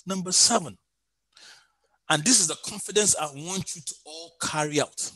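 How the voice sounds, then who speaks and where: A man's voice: a little high, moderate pace, sharp tone, no room sound, rough recording. A man preaching a sermon with emphasis, repeating his key phrases and rising into sung lines.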